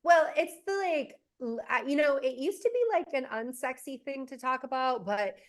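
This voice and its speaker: Emphatic higher-voiced woman explaining hormones. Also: moderate pace. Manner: emphatic, explains with frequent "okay?" asides and laughter. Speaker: hormone expert guest. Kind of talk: animated podcast conversation.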